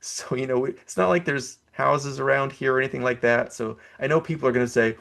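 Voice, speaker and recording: An older man chats as a podcast guest, spinning a story in a loose, casual way. He laughs often, trips over his words and restarts, fills the gaps with 'you know', and jumps into acted-out quotes. His voice sits at an ordinary pitch. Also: fairly quick, vocal fry, few pauses. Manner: animated, laughs often, acts out quoted lines.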